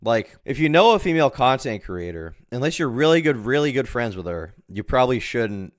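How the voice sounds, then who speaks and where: A male streamer reacting live, loud and profane, who laughs a lot and repeats his punchlines. His pitch bounces all over the place. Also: sing-song, a little fast, dry recording, studio quality. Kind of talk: casual live reaction chat.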